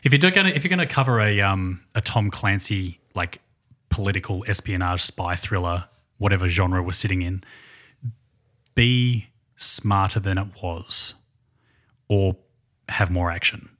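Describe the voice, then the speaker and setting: A man co-hosting a film podcast, giving his views in a measured, somewhat hesitant way. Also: low-pitched, fairly bright tone. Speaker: podcast co-host. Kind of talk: casual chat.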